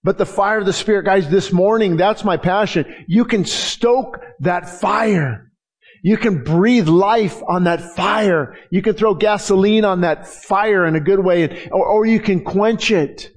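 A man's voice: sits high, a little slow. A middle-aged man preaching a passionate sermon as pastor, acting out prayers and quotes and often restarting his sentences.

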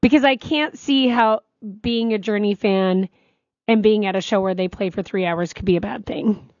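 A woman's voice: medium pitch, moderate pace, no echo, lo-fi sound. A woman, co-hosting a radio show in casual, giggly chat. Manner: giggly, chatty, animated. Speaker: radio co-host.

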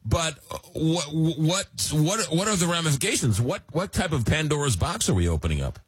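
A man hosting a radio talk show, joking and animated, repeating words as he gets going. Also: a little high, moderate pace, slightly rough. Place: radio studio.

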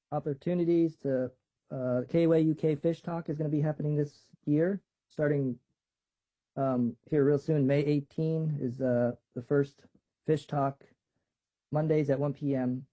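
A man's voice: a little high, dark tone. A man from a fisheries management team giving brief, casual announcements with frequent fillers on a call. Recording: dull lo-fi call audio.

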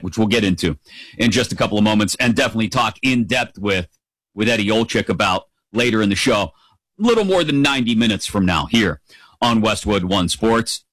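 A man's voice: mid-range voice, a bit bright, dry recording, low-quality recording. Man, sports radio host, upbeat, playful, rambling, dry close-mic sound.

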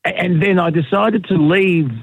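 A man's voice: high-pitched, steady tone, moderate pace, creaky, slightly rough, no echo. A middle-aged Australian man, a radio guest, telling stories in casual chat with lots of fillers and restarts. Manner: chatty storyteller, many fillers and restarts. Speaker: guest, radio broadcaster and podcaster. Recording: dry tinny phone line.

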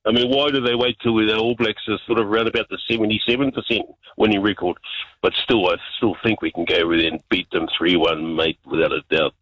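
A man's voice: lowish voice, steady tone, fast, fairly bright tone, husky, no echo. A man with a New Zealand accent phoning into a talkback radio show, talking casually and emphatically, often calling the host mate. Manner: emphatic, keeps saying mate. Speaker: caller. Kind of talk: casual phone-in chat. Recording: dull, dry phone-in line.

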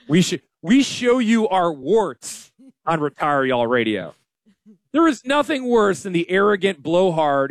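Lively high-voiced man, joking host. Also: a little slow, no echo. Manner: animated, self-deprecating, joking. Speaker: radio show host, financial advisor. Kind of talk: casual radio talk.

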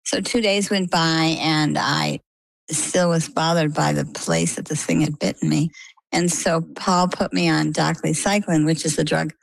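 A woman's voice: deep voice, fairly even intonation, measured pace, creaky, no room sound, rough recording. A middle-aged woman telling a personal story as an interview guest, chatty and vivid, acting out the dialogue she quotes.

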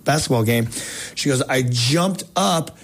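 Excited man telling a faith story. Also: medium pitch, measured pace. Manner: excited, casual slang, frequent restarts. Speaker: talk show host and evangelist. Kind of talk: casual storytelling on a faith talk show.

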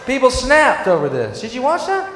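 A man rants on stage, sarcastic and exasperated, with sudden shouted outbursts. His voice is high and jumps around a lot. The sound is roomy and echoes through a big hall, with faint noise underneath. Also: wildly swooping pitch, moderate pace. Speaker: stand-up comedian. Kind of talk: stand-up rant.

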